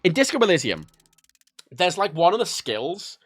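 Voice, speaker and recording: A man's voice: sits high, very animated, normal speed, no echo. A man chatting casually on a livestream about a game. He rambles, corrects himself often and swears freely.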